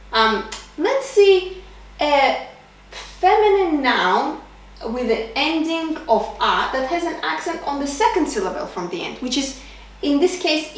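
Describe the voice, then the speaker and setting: A woman teaching a beginner language lesson, explaining patiently step by step and pausing to correct herself. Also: high-pitched, fairly bright tone. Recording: roomy echo, distant from the mic.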